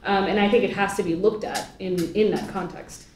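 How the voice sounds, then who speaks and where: A woman's voice: medium pitch, steady tone, a little fast, darkish tone. A woman on a panel talking with many restarts and indignation, then moderating questions. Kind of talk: panel discussion. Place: lecture hall. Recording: echoey hall, distant mic, faint noise.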